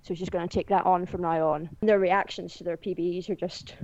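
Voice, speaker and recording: A woman chatting casually about athletics, chatty and warm. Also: fairly low pitch, fairly even intonation, fairly quick, no room sound. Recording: dull lo-fi line with faint noise.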